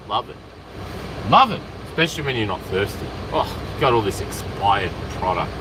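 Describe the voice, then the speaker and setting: An excitable Australian man rambles to camera outdoors, his voice swinging up and down as he jumps from topic to topic. Steady street noise and passing cars sit behind him. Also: mid-range voice, moderate pace. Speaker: vlogger.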